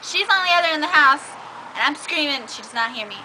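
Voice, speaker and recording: A young woman with a high voice tells a casual story, chatty and a little bossy with her friend. She is recorded outdoors, and clear noise runs under her voice the whole time. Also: lively intonation, fast, sharp tone, low-quality recording. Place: outdoors by a trash can.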